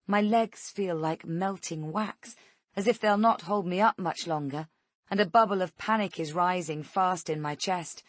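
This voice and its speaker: A woman reading a tense first-person thriller in a steady storytelling voice. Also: on the low side, a little slow, no room sound. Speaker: audiobook narrator.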